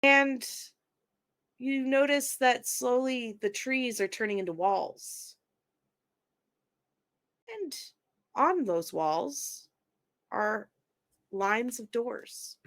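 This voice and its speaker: A woman narrating a tabletop game as game master, describing scenes in a halting way with many pauses and fillers. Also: a little high, fairly bright tone.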